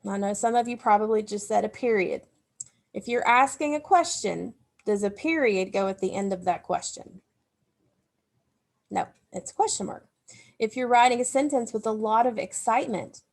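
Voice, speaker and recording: A woman's voice: medium pitch, normal speed, vocal fry, darkish tone. A woman teacher giving a recorded grammar lesson to young children, explaining step by step in a patient way. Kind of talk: recorded remote phonics lesson.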